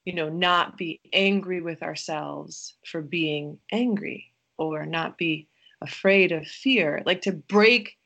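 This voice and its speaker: A woman with a slightly low voice speaks as a podcast guest. She is gentle and reflective, and she often pauses and hesitates as she works out her thoughts. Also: gravelly.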